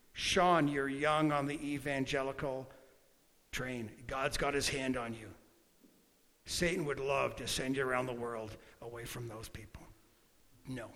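A man preaching a sermon, emphatic, swinging between loud bursts and quiet asides. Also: on the high side. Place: church hall. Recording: long hall reverb.

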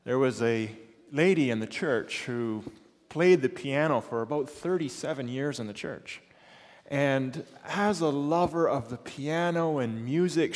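A man preaching to a church congregation, telling a story with measured, dramatic pacing. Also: medium pitch, big-room sound. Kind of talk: sermon storytelling.

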